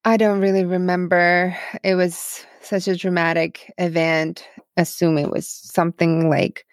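Gravelly-voiced woman from Ukraine. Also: on the low side, little pitch movement, unhurried, no room sound, studio quality. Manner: emotional, earnest storytelling with repetitions. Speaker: interview guest. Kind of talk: personal testimony in a podcast interview.

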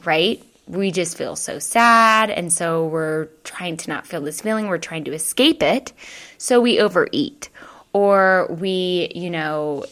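Chatty woman podcast host, lowish voice. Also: a bit bright. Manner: chatty, conversational, frequent "you know" and "right?". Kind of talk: unscripted solo podcast talk.

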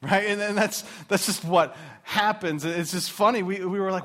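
A man in his thirties, a pastor, preaching a sermon in a conversational, animated way with casual asides. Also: sits high, fast talker.

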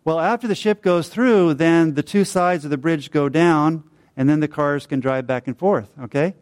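A man's voice: fairly high pitch, normal speed. A middle-aged man preaching a sermon, telling stories in a conversational way with fillers and tag questions.

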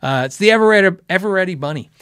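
A man's voice: sits high, animated, racing, a bit bright, smooth, no echo, clean studio sound. A man hosting a live guitar show, chatting casually with viewers, rambling and laughing as he acts out quotes. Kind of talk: casual live-stream chat answering viewer questions.

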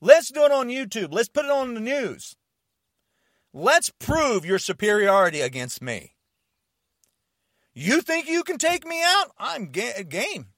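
A man delivering an angry, confrontational rant to camera, shouting and challenging his listeners. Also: very high voice, sing-song, a little slow, long pauses, no echo, studio quality.

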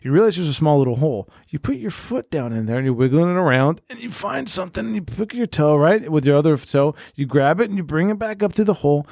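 A man's voice: fairly high pitch, animated, fast talker, vocal fry, hardly any pauses, a little mellow, dry recording, clean studio sound. A man co-hosting a casual comedy podcast, spinning absurd hypothetical scenarios and checking in with "right?" after nearly every phrase. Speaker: podcast co-host.

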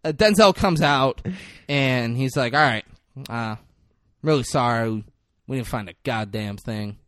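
In a dry, studio-quality recording, this man talks through a movie with his co-host in a relaxed recap chat. His medium-pitched voice is unhurried, yet he gets lively, performing characters' dialogue with wide swings in delivery and plenty of cursing.

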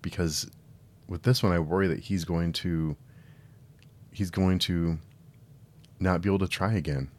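Male podcast host, very low voice, casual exasperated film talk. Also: fairly even intonation, unhurried, long pauses, darkish tone. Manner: conversational, frequent restarts, exasperated. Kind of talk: solo film review podcast.

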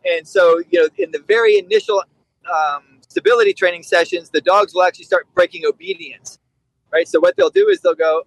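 A man who trains dogs, talking over a remote call in a lively, emphatic way and acting out what people say. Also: high voice, brisk, dry recording, rough recording. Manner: animated, acts out quoted voices and swears for emphasis. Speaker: dog trainer. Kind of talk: casual conversation.

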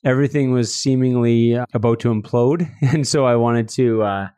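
A man's voice: mid-range voice, normal speed, dark tone, clean tone, no room sound, clean studio sound. A man hosting a podcast, chatting and teasing his guest in a casual interview. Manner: joking, teasing. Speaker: podcast host.

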